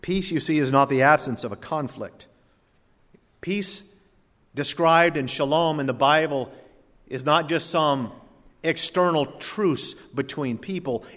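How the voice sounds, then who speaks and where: A man preaching a sermon, swinging from loud emphasis to hushed asides and telling folksy stories. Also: mid-range voice, unhurried. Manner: tells folksy stories with voiced characters. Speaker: pastor. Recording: long hall reverb.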